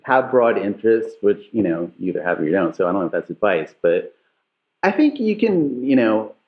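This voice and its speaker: A man's voice: on the low side, a little fast. A man, a former comedy writer, casually telling stories on a podcast, rambling and correcting himself as he goes. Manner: rambling, self-correcting, animated when retelling. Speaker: guest, former late-night writer. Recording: roomy, slightly dull remote audio.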